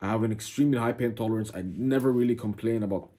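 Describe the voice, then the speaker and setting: A young man casually telling a dramatic personal story to camera, animated, cursing and calling the listener "bro". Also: lowish voice, fast. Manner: animated, swears a lot, keeps saying "bro". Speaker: vlogger.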